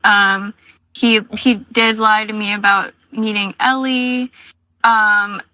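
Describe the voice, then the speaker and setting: A woman's voice: medium pitch, steady tone, slow pace, bright, forceful tone, no echo, rough recording. A woman answering interview questions casually, hesitant, with many fillers. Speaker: interview guest.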